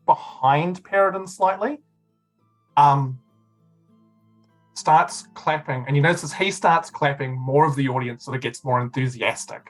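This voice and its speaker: Game master, rambling narration, mid pitch, light music under; a man. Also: poor audio. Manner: rambling, filler-heavy narration.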